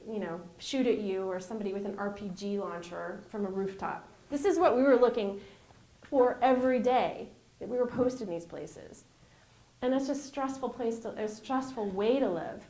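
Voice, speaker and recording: A woman's voice: medium pitch, brisk, warm tone. A woman being interviewed, telling her personal story in an earnest, conversational way and laughing often. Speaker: interview guest. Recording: roomy echo.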